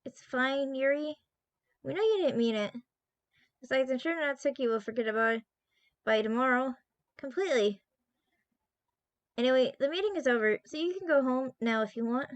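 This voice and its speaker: Woman reads a soft, apologetic schoolgirl club president from a game, high-pitched, quietly spoken. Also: normal speed, pauses often, no echo, lo-fi sound, lightly acted. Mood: soothing.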